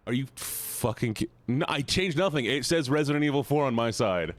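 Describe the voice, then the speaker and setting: A man streaming a game live, excitable, swearing often and repeating words in quick bursts while he chats to viewers. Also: mid-range voice, no room sound. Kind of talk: live gameplay stream chat.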